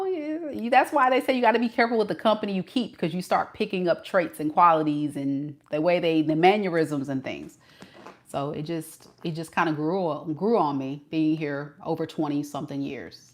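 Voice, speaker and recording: A woman in her forties from Southern California with a light Southern twang, chatting casually with viewers and laughing often. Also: low-pitched. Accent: Southern California with a light Mississippi twang. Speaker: tarot reader. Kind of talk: casual live-stream chat.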